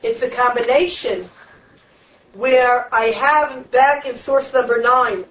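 A woman with a high voice teaches a Torah lecture, driving her points home through repeated, emphatic phrases. She sits well away from the microphone. The recording is muffled and lo-fi. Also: steady tone, slow pace, a bit bright. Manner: emphatic, repetitive preaching cadence. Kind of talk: Torah lecture on the weekly portion. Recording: distant, dull lo-fi room recording.

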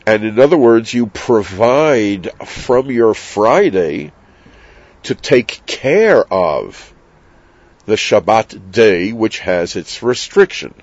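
A man giving a slow, deliberate and emphatic Torah lesson on Sabbath law. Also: fairly low pitch, sing-song, a little mellow, dry recording. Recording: dull, dry, lo-fi sound.

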